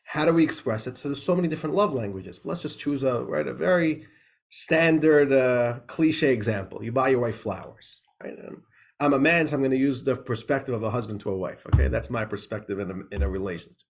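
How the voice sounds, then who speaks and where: A man's voice: medium pitch, brisk, gravelly. A man, a rabbi, teaching an informal class, talking in a chatty way with laughs, many restarts and questions like "right?". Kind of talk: informal class lecture with a joke.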